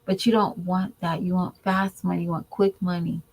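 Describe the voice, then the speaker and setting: A woman's voice: fairly low pitch, normal speed, poor audio. A woman giving candid, preachy commentary to her viewers in a casual vlog. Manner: candid, preachy, animated mimicry. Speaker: vlogger.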